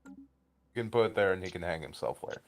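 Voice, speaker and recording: A man's voice: low voice, animated, fast. A man streaming and chatting casually, blunt and crude, rambling through long explanations. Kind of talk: casual chat.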